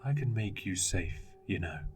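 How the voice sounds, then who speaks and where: A man voicing an unseen sneering entity in an attic, low and raspy, speaking slowly and coaxingly. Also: expressive, soft background music. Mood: coaxing menace.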